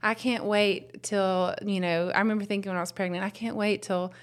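A woman's voice: mid-range voice, fairly even intonation, fairly quick. A woman, the host's wife and a new mother, sharing her faith story in a tender, reflective way full of fillers. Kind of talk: casual personal testimony.

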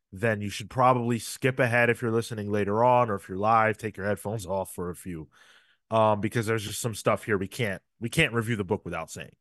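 Animated male podcast host, dry sound. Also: mid-range voice, no echo. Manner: animated retelling with acted-out quotes. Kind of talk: casual comic book review chat.

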